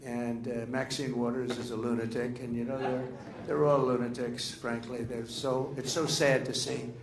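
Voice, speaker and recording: A man's voice: medium pitch, flat delivery, moderate pace, background noise. An older man giving rambling, boastful, anecdotal remarks at a dinner gathering. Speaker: speaker at a political dinner. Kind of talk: off-the-cuff after-dinner remarks. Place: large dining room. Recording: echoey room, faint ambience.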